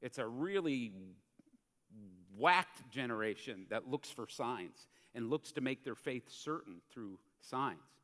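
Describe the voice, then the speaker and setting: A man preaching a sermon as a pastor in a church, in a conversational, animated way that acts out the quotes he tells. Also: medium pitch, slow. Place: church sanctuary. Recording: church hall reverb.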